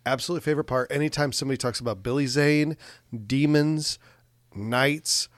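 A man's voice: fairly high pitch, normal speed, no echo, studio quality. A man co-hosting a podcast, casually recapping a movie with crude jokes and frequent laughter. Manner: laughs often, animated retelling with crude jokes. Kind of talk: casual chat.

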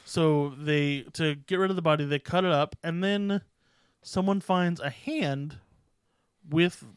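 Podcast co-host, male, slightly high voice, rambling recap delivery, dry close sound. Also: a little slow, smooth, no echo. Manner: rambling, self-correcting, animated storytelling. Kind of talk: casual chat.

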